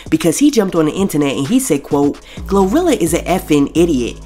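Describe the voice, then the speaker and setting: A woman's voice: sits low, sing-song, brisk, mellow, faint music behind. A woman hosting a celebrity gossip show. She talks straight to the viewers and reads posts aloud, spelling out the censored swear words. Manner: chatty, addresses viewers directly. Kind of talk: scripted gossip commentary.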